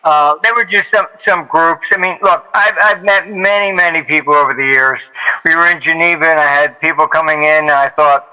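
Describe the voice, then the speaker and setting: A man's voice: fairly high pitch, normal speed, sharp tone, clean tone, poor audio. An older man, a former hedge fund manager, telling anecdotes as an interview guest in a rambling, casual way with many fillers and restarts.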